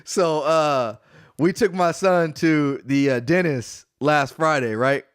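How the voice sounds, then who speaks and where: A man with a slightly high voice tells stories on a podcast with lively energy and frequent laughs. His voice sounds close and dry, with no room echo behind it. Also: takes it slowly, clear, resonant tone. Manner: animated storytelling, laughing often. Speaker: podcast co-host. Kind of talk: casual podcast chat.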